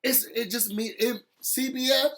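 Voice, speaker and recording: A man recaps a reality show episode in a casual, emotional chat, talking directly to viewers, animated and laughing often. His pitch is extremely high and his pace moderate.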